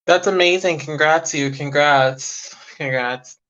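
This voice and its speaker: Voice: mid-range voice, measured pace, fairly bright tone. A host chats playfully in a casual interview, tripping over words and correcting themselves as they go. The voice sits in the middle range. The recording sounds dull and lo-fi. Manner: playful, stumbling, self-correcting. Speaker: podcast host.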